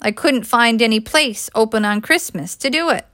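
A woman's voice: on the high side, moderate pace, a bit bright, no echo, studio quality, natural voice. A woman reading the part of a nervous young new father who stammers and hesitates, in an audiobook. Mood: fumbling.

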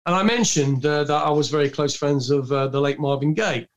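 A man's voice: fairly high pitch, brisk, dull audio. An older man, telling film-set anecdotes on a video call in a rambling way, full of fillers and restarts. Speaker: guest recalling film work. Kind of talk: anecdotal storytelling.

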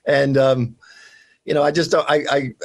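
An older man, an actor guest on a radio show, telling chatty stories and acting out shouted quotes from fans. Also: mid-range voice, flat delivery, moderate pace. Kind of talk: casual radio interview.

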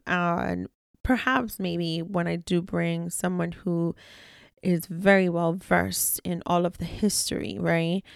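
A woman's voice: on the low side, vocal fry, smooth, no room sound, studio quality. A woman hosting her own podcast, talking candidly in a loose conversational way, swearing now and then and often tagging on "right?". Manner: swears casually when annoyed. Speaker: podcast host. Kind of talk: casual solo podcast monologue.

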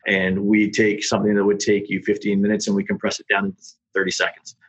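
Low-voiced man, founder telling his story. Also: monotone, quick pace, breathy edge. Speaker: startup founder. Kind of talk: casual podcast interview. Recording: dull lo-fi sound.

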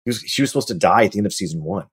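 A middle-aged man telling lively anecdotes as a guest on a casual chat show, acting out quotes and restarting his sentences often. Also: on the low side, racing, slightly rough. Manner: animated, acts out quotes, frequent restarts. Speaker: podcast guest, actor.

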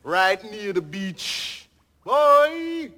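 A stubborn, smooth-talking hustler who swears he is Jamaican, with a lilting put-on island accent. His voice is high, bright and swings widely in pitch. The film audio rings with a long reverb. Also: sing-song, drawn-out words, heavily acted. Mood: insistent. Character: fast-talking man posing as a Jamaican, stubborn.

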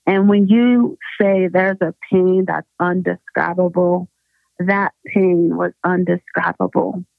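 A woman's voice: lowish voice, steady tone, slow pace, gravelly, no echo. A woman guest giving an earnest, fervent faith testimony over a phone call. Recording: tinny phone line.

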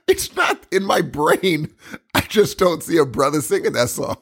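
A man co-hosting a podcast in casual, excitable chat, teasing and laughing a lot. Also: fairly high pitch, unhurried, breathy edge. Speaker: podcast co-host.

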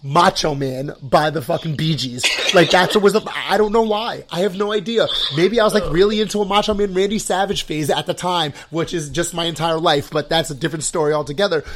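A male podcast host in casual chat with a voice set a bit higher than most men. He rambles excitedly, piling up "like" and restarts as he gushes. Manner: rambling, filler-heavy, loads of "like"; excitable, gushing.

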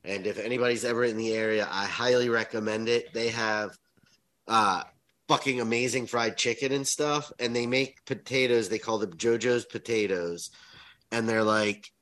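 A man chatting casually as a podcast co-host, telling stories in an animated way and swearing freely. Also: normal speed, low-quality recording. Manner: animated storytelling, swearing, rises high when excited. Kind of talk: casual chat.

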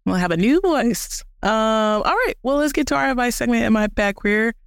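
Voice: medium pitch, lively intonation, normal speed, creaky, clear, resonant tone, dry recording. A podcast co-host talks in a loose, casual way and laughs often. The voice sits mid-range and is recorded close and dry, with no room sound. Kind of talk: casual chat.

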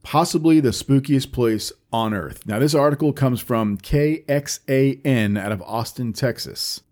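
A man's voice: mid-range voice, measured pace, a little mellow. A man hosting a podcast, chatting in a playful, teasing way and reading an article aloud. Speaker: podcast host.

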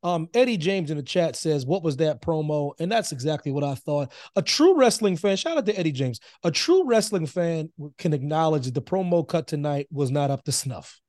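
A man co-hosting a casual podcast, talking in a high register. He is emphatic and repeats himself to keep the floor. The sound is dry and close. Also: expressive, a little fast, few pauses, darkish tone, no echo. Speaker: podcast co-host.

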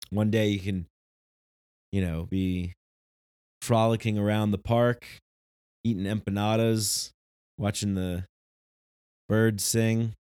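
A man's voice: fairly low pitch, fairly even intonation, takes it slowly, long pauses, a little mellow, smooth, dry recording, clean studio sound. Passionate rambling man. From New York. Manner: passionate, rambling, many restarts. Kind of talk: casual spiritual monologue.

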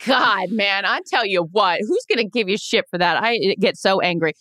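A woman's voice: medium pitch, expressive, normal speed, pushed and bright, dry recording, clean studio sound. A woman co-hosting a podcast, ranting passionately and swearing in casual chat. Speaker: podcast co-host.

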